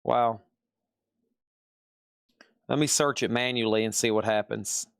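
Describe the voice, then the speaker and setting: A man's voice: mid-range voice, steady tone, unhurried, vocal fry, clear, resonant tone, dry recording, studio quality. A man with a Southern US accent hosting a live sales stream, chatty and repeating prices and buyer names.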